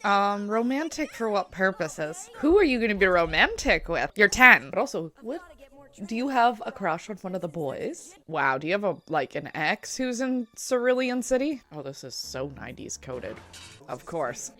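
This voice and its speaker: A woman's voice: medium pitch, very animated, moderate pace, a bit bright. Giggly young woman reacting to cartoons. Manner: chatty and giggly, full of filler "like". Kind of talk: casual reaction commentary. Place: home room at a desk chair.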